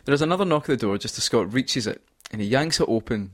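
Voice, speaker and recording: A man's voice: medium pitch, animated. A man reading a comic fan story aloud to a co-host, often breaking into laughter. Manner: reads narration briskly, breaking into laughter.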